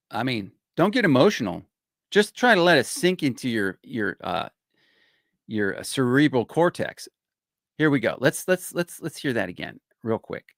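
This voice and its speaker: An older man hosting his own show, commenting excitedly on a clip he plays, rambling and repeating himself. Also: medium pitch, gravelly, no room sound, studio quality. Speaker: host. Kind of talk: casual commentary on a played clip.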